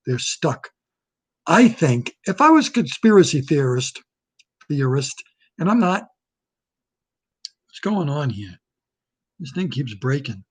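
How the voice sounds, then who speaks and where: A man's voice: fairly high pitch, breathy edge. A man delivering a satirical political rant to camera, heated and indignant, repeating himself, recorded on a webcam. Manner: heated, repetitive, indignant ranting. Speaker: comedic ranter. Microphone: webcam or laptop camera.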